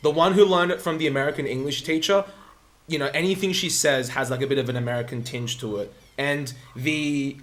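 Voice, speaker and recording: A man's voice: a little high, steady tone, brisk, fairly bright tone. An Australian man, a speedrun streamer, chatting casually and rambling as he answers his live chat.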